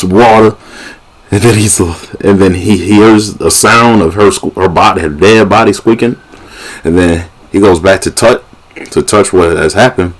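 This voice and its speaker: A young man vlogging a casual movie recap, an animated storyteller who keeps laughing and acting out the scenes. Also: low-pitched. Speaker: YouTube vlogger.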